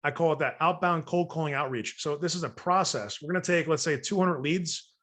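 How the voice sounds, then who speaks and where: A man's voice: a little high, brisk, a bit bright. A man coaching real estate investors in a long webinar training. He jokes with his audience and acts out sample phone calls.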